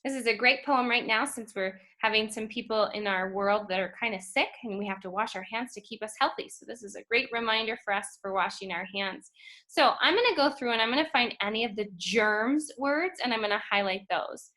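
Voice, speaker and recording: A woman teaching a phonics lesson to first graders, speaking slowly and clearly and stretching out letter sounds. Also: on the high side, sharp tone. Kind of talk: phonics lesson for young children.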